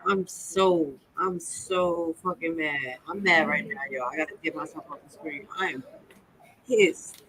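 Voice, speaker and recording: A woman's voice: low-pitched, unhurried, fairly bright tone, rough recording. A woman hosting a livestream and reacting with heated, agitated commentary, swearing and speaking out bluntly. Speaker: livestream host.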